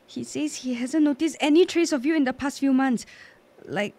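A woman's voice: high voice, moderate pace, a little mellow. An actress playing an anxious, polite young woman who talks hesitantly and formally. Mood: careful. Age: young adult. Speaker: exorcist's niece.

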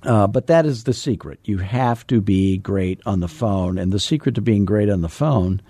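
A man's voice: on the low side, normal speed, dark tone, husky, no room sound. A middle-aged man hosting a podcast, coaching in a casual, joking, folksy way. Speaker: podcast host and real estate coach.

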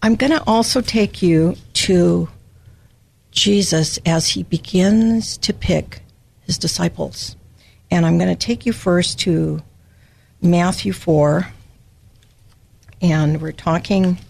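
A woman's voice: lowish voice, vocal fry, darkish tone, husky. An older woman from Hawaii giving a personal, emotional devotional Bible teaching as a podcast host.

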